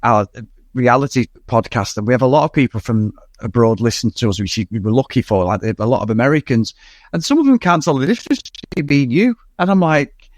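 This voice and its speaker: A man's voice: medium pitch, animated, brisk, no room sound, studio quality. Sweary Mancunian man rambling about films. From Manchester, England. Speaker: podcast co-host. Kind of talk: casual film review chat.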